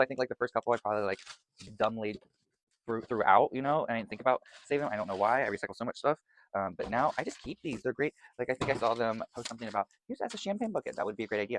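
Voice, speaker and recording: Fast-talking man gushing over candles. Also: mid-range voice, a bit bright, a little hiss or hum. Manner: chatty, rambling, gushing. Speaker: vlogger reviewing candles. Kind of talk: casual product chat.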